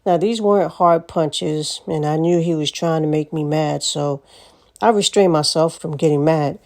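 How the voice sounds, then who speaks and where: A woman's voice: sits low, moderate pace, a little mellow. A woman vlogger telling stories in a casual monologue, blunt and profane, laughing often.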